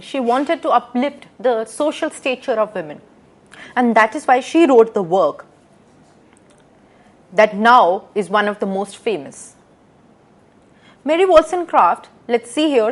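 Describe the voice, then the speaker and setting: A woman lecturing to students, reading out quotations and explaining them with rhetorical questions and frequent pauses. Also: on the high side. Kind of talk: recorded lecture.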